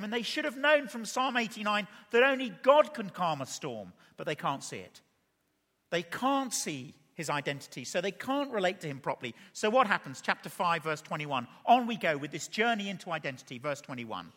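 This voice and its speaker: A man delivers a sermon from the front of a church, with a high and bright voice. He preaches in an animated way and keeps putting rhetorical questions to the congregation. His voice carries a long reverb through the hall. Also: brisk.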